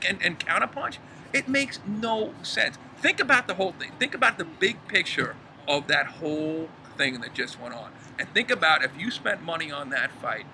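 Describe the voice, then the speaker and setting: A man's voice: fairly high pitch, bright, forceful tone. A middle-aged man ranting in a heated, profane casual chat, recorded outdoors in a backyard. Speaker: podcast co-host. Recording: clear outdoor background noise.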